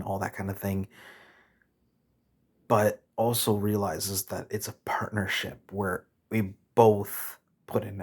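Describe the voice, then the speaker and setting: Husky man ranting bluntly to camera. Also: on the low side, darkish tone. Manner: frustrated, blunt, swearing, rambling with self-corrections. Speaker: vlogger. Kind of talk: candid rant to camera.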